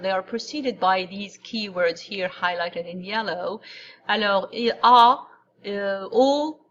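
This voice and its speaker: A woman's voice: medium pitch, fairly bright tone. A woman teaching French grammar in a recorded lesson, patiently explaining step by step and repeating each example. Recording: dull lo-fi recording with faint noise.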